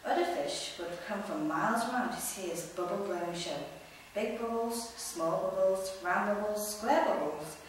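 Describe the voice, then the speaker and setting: A woman reading a children's picture book aloud with animated, expressive storytelling. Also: mid-range voice, moderate pace, slight background noise. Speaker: storybook reader. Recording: echoey room, distant mic.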